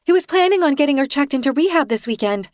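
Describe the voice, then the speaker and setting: A woman's voice: high-pitched, animated, fast, darkish tone, no echo, clean studio sound, voice pushed up. A woman doing a smug, sanctimonious woman. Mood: falsely sweet. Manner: condescending, falsely sweet.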